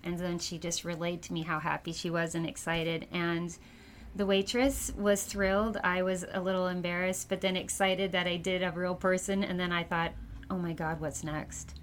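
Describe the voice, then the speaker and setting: A woman speaking as a psychic medium in a casual interview, telling her stories in a chatty, animated way and laughing often. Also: lowish voice, moderate pace, a little hiss or hum.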